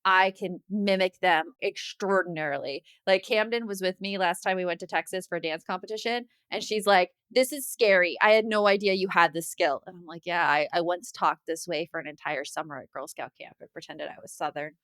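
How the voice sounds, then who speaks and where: Chatty bright-voiced woman podcaster. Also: lowish voice, a little fast, few pauses, clear, resonant tone, no echo. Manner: chatty storyteller, animated quoting. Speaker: podcast co-host. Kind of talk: casual chat.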